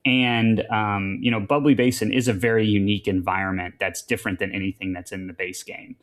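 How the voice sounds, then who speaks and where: A man talks through a game review on a podcast in a fairly low voice. He rambles, circling back with fillers and restarts. The chat stays loose and casual. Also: fairly even intonation, fairly quick.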